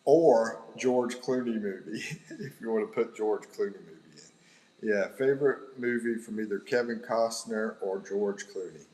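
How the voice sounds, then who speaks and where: Sitting indoors by a window, a middle-aged man from the United States rambles and chuckles through a casual livestream. His lowish, darkish voice moves at a normal speed, captured on a rough recording.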